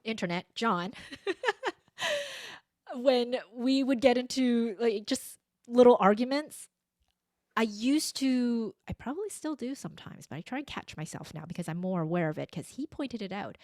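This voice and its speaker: A middle-aged woman chatting on a podcast, telling personal stories in a lively way and acting out what people said. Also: a little high, unhurried, no room sound, clean studio sound. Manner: animated storyteller who acts out quoted speech. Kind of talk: casual podcast conversation.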